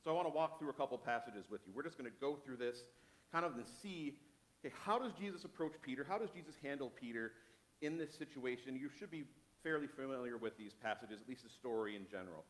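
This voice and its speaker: A man preaching at a church worship service in an easy, conversational way. His voice sits at an ordinary middle pitch, and he often repeats a phrase to let it land. Between his own points he reads scripture aloud. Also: lively intonation, quick pace. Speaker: pastor. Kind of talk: sermon with scripture reading.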